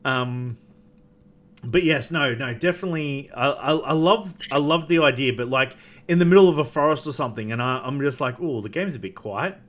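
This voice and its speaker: A man's voice: mid-range voice, fairly quick, fairly bright tone. A man who plays tabletop games, chatting casually, rambling with lots of fillers and restarts and laughing often. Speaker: tabletop game player. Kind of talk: casual chat.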